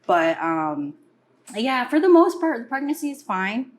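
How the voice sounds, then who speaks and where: A woman guest chatting casually, calm and measured with frequent fillers. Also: on the high side. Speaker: panel guest. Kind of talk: casual chat.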